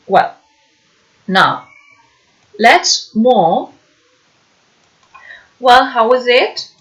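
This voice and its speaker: A woman teaching an English lesson, slow and patient, often checking understanding with a questioning "hmm?". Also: on the high side, fairly bright tone. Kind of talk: online class lesson. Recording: dull lo-fi recording.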